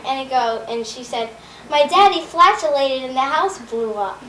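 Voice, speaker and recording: A woman telling a long joke in a rambling, halting way, with many fillers. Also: high-pitched, animated, background noise. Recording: roomy, distant home video recording.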